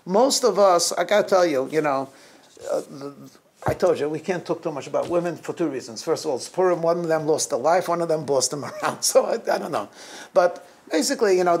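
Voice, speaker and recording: A rabbi in middle age, his voice fairly high and a little mellow, tells anecdotes in a holiday talk to the congregation, often breaking into chuckles mid-sentence and beginning phrases again.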